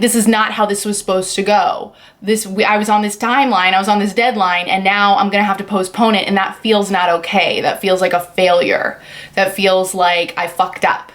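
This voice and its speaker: A woman vlogger answering a viewer's question in a casual, upbeat way, joking and swearing freely. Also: medium pitch. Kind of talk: casual vlog chat.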